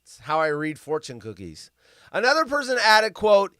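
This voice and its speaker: A man's voice: high voice, huge pitch swings, moderate pace, bright, forceful tone, no room sound, studio quality. A man hosting a live stream, reading news stories aloud and ranting about them in a rambling, sarcastic way that keeps going off on tangents. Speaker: livestream host.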